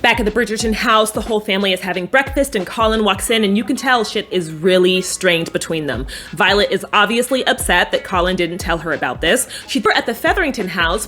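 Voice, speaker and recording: A bright, sharp-edged young woman's voice recapping a TV show for her vlog viewers. She talks sassy and animated, swears freely and slips into quick acted-out lines for the characters. Faint music sits behind her. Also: mid-range voice. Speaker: recap host.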